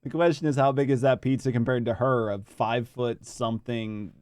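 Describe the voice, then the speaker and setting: Dude reacting to a food video, smooth voice, dry close sound, swears a lot and rambles. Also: male voice, medium pitch, fairly even intonation, normal speed, a little mellow, no room sound. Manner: rambling, swears freely, chats with viewers. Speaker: reaction streamer. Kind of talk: casual live reaction commentary.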